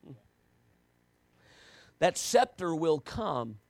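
Man, preacher, sermon, high-pitched, gravelly, dry recording. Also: very animated, very slow, no room sound. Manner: swings from quiet, low talk to loud, shouted emphasis; repetitive rhetorical questions.

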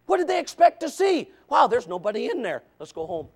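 A male pastor preaching a sermon, swinging between shouting and hushed softness, with stammering restarts. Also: very high-pitched, sing-song, fairly quick, husky.

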